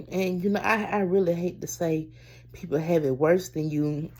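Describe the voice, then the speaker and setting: A woman vlogger telling a personal story to camera in a rambling, halting way, often calling her viewers y'all and breaking off to restart. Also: fairly low pitch, a little mellow. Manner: restarts and trails off.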